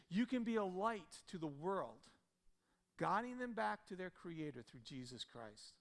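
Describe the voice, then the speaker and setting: Male pastor, sermon delivery, gravelly voice, big emphatic swings, long church-hall reverb. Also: high voice, big pitch swings, unhurried, fairly bright tone. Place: church sanctuary.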